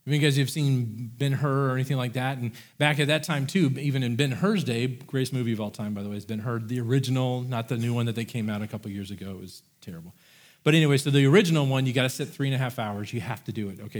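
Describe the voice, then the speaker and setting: A middle-aged man preaching a sermon as pastor, talking in a relaxed, conversational way and retelling scripture in everyday words. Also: mid-range voice, fast talker. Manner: conversational, paraphrases scripture in a casual voice.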